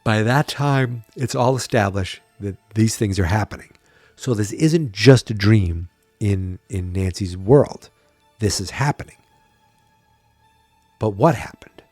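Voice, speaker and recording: A man's voice: lowish voice, measured pace, a little mellow, dry recording, faint music behind. A tired man hosting a podcast, chatting wryly and thinking aloud in a casual solo recap. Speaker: podcast host.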